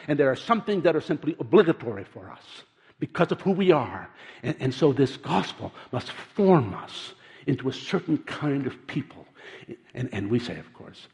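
An older man preaching a sermon, earnest and halting, often repeating words as he tells stories. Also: a little high, sing-song, darkish tone. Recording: dull sound in a large reverberant hall.

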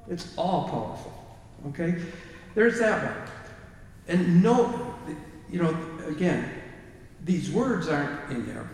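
A man's voice: a little high, darkish tone. A man giving an informal music lecture, hesitating with fillers and singing short phrases to show the rhythms. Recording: echoey hall from far off.

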